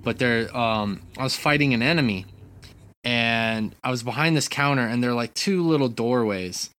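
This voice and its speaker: A man co-hosting a casual gaming podcast from his apartment, telling stories with lively swearing and restarts. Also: medium pitch, moderate pace. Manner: animated storytelling, frequent swearing. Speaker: podcast co-host. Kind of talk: casual chat.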